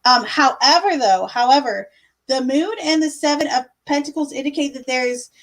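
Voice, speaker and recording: A woman's voice: high-pitched, normal speed, low-quality recording. A young woman giving casual tarot readings on a live stream, chatty and full of fillers, calling viewers love and my dear. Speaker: livestream tarot reader.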